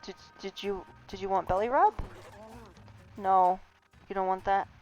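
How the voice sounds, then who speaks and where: A woman's voice: medium pitch, unhurried, a little mellow. A woman game streamer giving chatty, rambling, giggly commentary live. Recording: slightly dull stream audio with faint game music.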